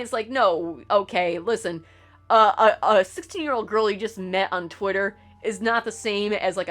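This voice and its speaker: A woman streaming a video game, talking bluntly in a rambling, profane rant full of restarts. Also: mid-range voice. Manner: blunt, swears freely, ranting. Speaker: gaming streamer. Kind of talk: casual commentary while playing a game.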